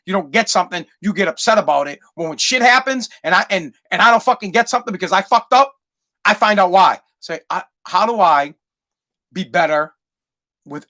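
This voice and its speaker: A man rants alone on his podcast, swearing freely and hammering his points. His voice sits high and sounds bright and forceful. He speaks in an emphatic, heated way. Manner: ranting, profane, emphatic. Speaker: podcast host. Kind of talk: solo podcast rant.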